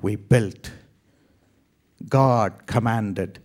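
A man from India preaching a sermon testimony, telling his story dramatically, with sudden loud outbursts and hushed, whispered passages. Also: fairly low pitch, very slow.

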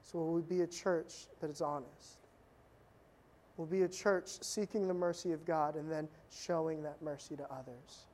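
A pastor preaching a sermon, telling stories in a conversational way with humorous asides and sudden drops from loud emphasis to quiet intensity. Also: mid-range voice, steady tone, normal speed, a little hiss or hum.

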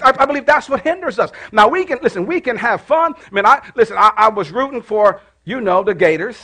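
Middle-aged pastor preaching in church, high voice, calls out then goes quiet and prayerful. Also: male voice, animated, a little fast, hardly any pauses. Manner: call-and-response preaching, rising to shouts and dropping to hushed prayer. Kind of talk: sermon.

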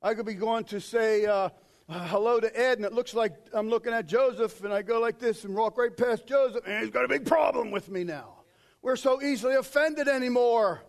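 A man preaching a sermon as pastor, swinging from shouted quotes to quiet asides. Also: very high-pitched, moderate pace, vocal fry.

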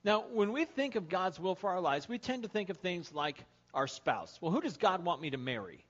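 A man's voice: high-pitched, sing-song, normal speed. A male pastor giving a sermon, opening with a told joke and acting out the lines of the characters. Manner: storytelling, acts out shouts in the joke. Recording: lo-fi sermon podcast audio.

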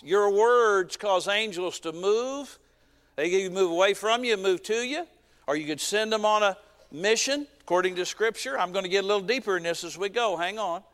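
Folksy high-voiced preacher in a hall. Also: male voice, fairly bright tone, smooth. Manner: folksy, emphatic preaching with repetition and humor. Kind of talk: sermon.

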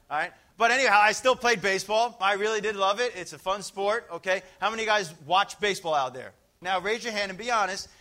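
A middle-aged man preaching a sermon, telling stories with lively energy and now and then shouting out a phrase. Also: a little high. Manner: animated storytelling, shouting out phrases.

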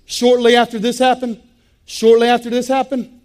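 Speaking at a normal pace in a very high, monotone voice with a somewhat dark tone, this man offers an intense personal testimony. He tells his story emphatically, circling back to the same phrases for added weight.

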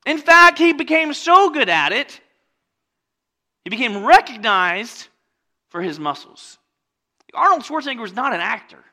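A male pastor preaching a sermon in a conversational way, mixing scripture with joking asides and swinging from loud, lively stretches to quiet ones. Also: very high-pitched, a little slow, long pauses.

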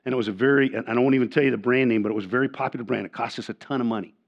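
An older man delivers a sermon as pastor, his pitch sitting in an ordinary middle range. He repeats and restarts words, alternating emphatic punches with quiet asides. The recording is dull and lo-fi, as if captured in a church sanctuary. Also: steady tone, rapid-fire. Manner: earnest preaching with frequent repeated words and restarts; swings between loud emphatic lines and quiet asides.

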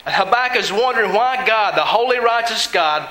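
A man's voice: high-pitched, expressive, a little fast, sharp tone, roomy sound, slight background noise, rough recording. A man preaching a sermon in an earnest, conversational way, often asking his listeners questions.

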